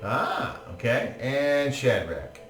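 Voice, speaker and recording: A man's voice: medium pitch, sing-song, slow, fairly bright tone, recorded from a distance. A man running a tabletop game as game master, narrating playfully and laughing often. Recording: echoey room, faint music.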